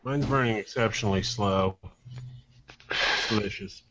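A man's voice: lowish voice, measured pace, fairly bright tone, dull audio. A middle-aged man, a guest telling bawdy, joking stories during a casual cigar-smoking chat. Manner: bawdy storyteller, brash and joking.

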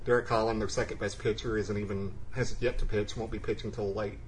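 A man's voice: fairly low pitch, flat delivery, brisk, a little hiss or hum, rough recording. A man co-hosting a casual podcast, chatting about cigars and sports in an easygoing way, often laughing and trailing off with fillers. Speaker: podcast co-host.

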